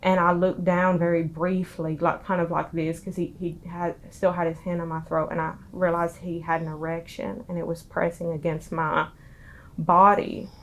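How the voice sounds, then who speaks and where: A young woman with a Southern US accent speaks through tears in a quiet, halting way, pausing and restarting often. Her voice sits low and moves little in pitch, giving a flat, subdued delivery. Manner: halting, soft-spoken, many pauses and restarts. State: crying. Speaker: interviewee. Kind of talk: emotional personal testimony.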